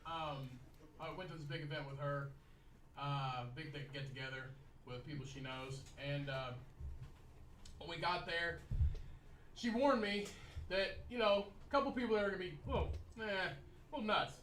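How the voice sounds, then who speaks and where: A man's voice: on the high side, normal speed, long pauses, fairly bright tone, a little hiss or hum. A man with an Indiana accent doing a crude, rambling stand-up set full of fillers in a small comedy club. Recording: roomy club sound from a distant mic.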